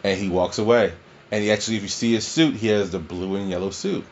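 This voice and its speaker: A man's voice: on the low side, fairly even intonation, fast talker, dull audio, a little hiss or hum. A man casually reviewing a film, rambling and swearing, full of fillers and restarts. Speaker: movie reviewer.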